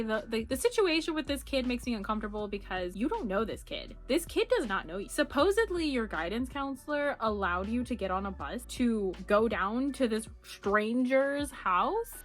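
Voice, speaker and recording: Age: not given. Sex: woman. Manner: animated, profane, ranting. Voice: fairly high. Behind: faint music. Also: a little fast, few pauses. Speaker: book reviewer. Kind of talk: casual reading wrap-up chat.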